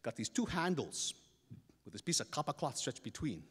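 A man's voice: medium pitch, big pitch swings, normal speed, a bit bright, breathy edge. A man speaking with a Hawaiian Pidgin English accent, performing a story live on a festival stage in a playful, dramatic way. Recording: long hall reverb.

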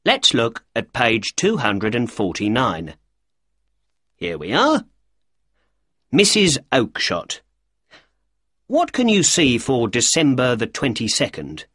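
A man voicing an angry male shopkeeper in a storybook reading, gruff and shouting. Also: medium pitch, huge pitch swings, takes it slowly, long pauses, no room sound, studio quality, exaggerated voice.

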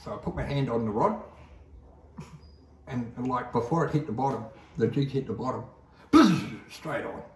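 Speaking off-mic from a distance in an echoey room, this Australian guest shares his testimony at a moderate pace with long pauses. His medium-pitched voice wanders casually, full of repeated words and plenty of "I says".

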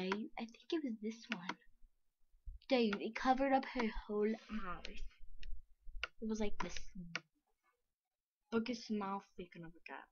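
A high, lively young woman chatting sarcastically and excitedly through a casual screen-recording vlog. She drawls along slowly, now and then slipping into whispers. The mic sounds dull and lo-fi, with mouse clicks behind her. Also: slight background noise. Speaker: vlogger.

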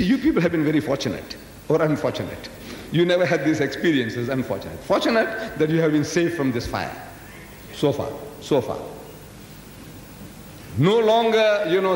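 A man in his seventies giving a public lecture, telling a story with emphatic rhetorical questions. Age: 70s. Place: large lecture hall. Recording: echoey hall recording, faint rumble.

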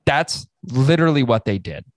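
A man's voice: mid-range voice, expressive, moderate pace, no echo. Profane ranting man on a podcast. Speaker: podcast host. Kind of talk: casual podcast rant.

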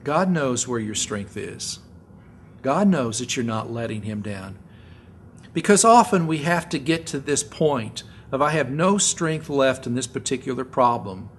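A man's voice: medium pitch, slight background noise. A man preaching a sermon in church, talking with the congregation and acting out what people say, often asking "right?". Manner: acts out quoted voices with swings between loud and soft; conversational, repeats words and asks the audience "right?". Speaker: pastor. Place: church sanctuary.

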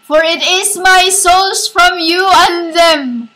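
A woman giving a rambling spiritual monologue as a self-styled preacher, halting and repetitive, often calling her listeners "women". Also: very high voice, sharp tone, low-quality recording.

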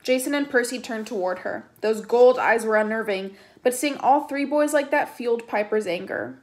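A reader narrates a novel aloud at a normal speed in a plain, steady way, occasionally stepping aside for a casual comment. Her voice sits slightly higher than most.

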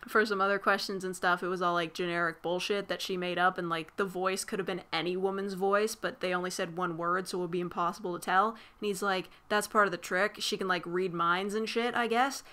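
A woman's voice: on the low side, steady tone, fairly quick, few pauses, pushed and bright. A woman casually recapping a film's plot, rambling with constant fillers and frequent swearing. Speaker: movie recap vlogger.

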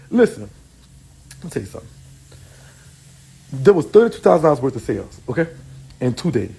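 A man rants and taunts on a live stream in a loud, profane voice. His pitch sits a little high and leaps around constantly. The room gives the voice a strong echo. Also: distant mic. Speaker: social media personality.

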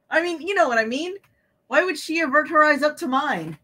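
Woman streamer, bright tone, chatty and questioning, casual reaction chat. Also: sits high, lively intonation, low-quality recording. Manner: chatty, quick to question and laugh along. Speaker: streamer reading fan fiction aloud.

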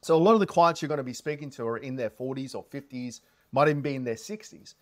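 A man's voice: mid-range voice, quick pace. A man coaching on sales, talking to camera with lots of inflection and energy. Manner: animated, heavy inflection, energetic. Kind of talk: casual advice talk to camera.

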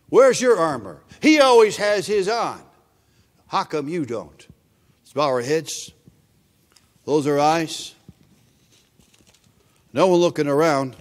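A male preacher giving a sermon, emphatic and repeating his scripture references, in a church sanctuary. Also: fairly high pitch. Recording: long church reverb.

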